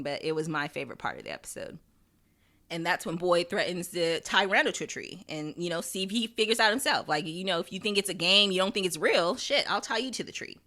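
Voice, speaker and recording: A woman hosting a TV recap podcast, talking in a casual, animated and blunt way, swearing and laughing often. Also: lowish voice. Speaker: podcast host recapping a TV episode.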